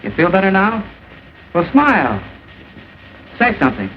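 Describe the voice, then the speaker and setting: A cocky newspaper reporter with a fairly high voice and a quick, brash way of cracking wise. The sound is muffled and hissy, like an old film print. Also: male voice, wildly swooping pitch. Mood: coaxing. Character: wisecracking male newspaper reporter.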